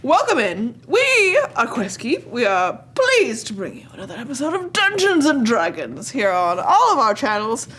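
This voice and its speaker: A woman's voice: on the high side, wildly swooping pitch, moderate pace, hardly any pauses, a bit bright, a little hiss or hum. A woman hosting a tabletop role-play show, welcoming viewers in a bubbly, playful way. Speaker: host.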